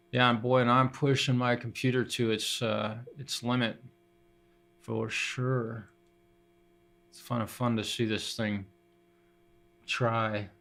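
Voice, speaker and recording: A man talks slowly and loosely on a live stream, trailing off and restarting as he works through his music gear. His voice sits in an ordinary middle register, and his delivery is unhurried and hesitant. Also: mid-range voice, a bit bright. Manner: halting, full of fillers and restarts, thinking aloud while troubleshooting. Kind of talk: casual live-stream talk while working.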